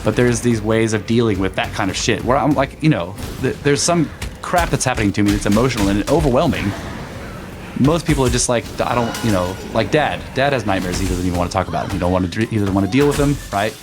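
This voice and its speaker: A man co-hosting a podcast in casual chat, rambling and swearing as he thinks out loud, laughing often. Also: on the low side, expressive, quick pace, over music. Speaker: podcast co-host.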